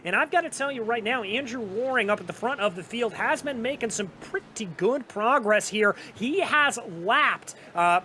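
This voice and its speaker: A man with a slight Southern US accent giving fast, energetic play-by-play commentary on a sim race. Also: very high voice, a little hiss or hum.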